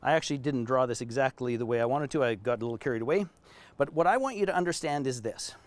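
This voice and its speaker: A man's voice: medium pitch, animated, fast, dry recording. A man teaching business owners on a live stream, talking them through a whiteboard drawing with emphatic, story-driven delivery. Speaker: business coach.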